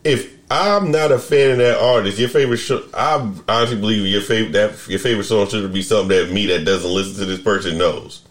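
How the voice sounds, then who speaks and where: A man's voice: on the low side, a little fast, hardly any pauses. A man hosting a podcast in casual chat, rambling and restarting his sentences as he thinks aloud. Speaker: podcast host.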